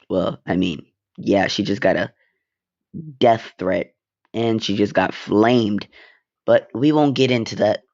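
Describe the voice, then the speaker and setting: A man's voice: on the low side, darkish tone, muffled recording. A young man casually narrating a fan story, with offhand, rambling asides and swearing.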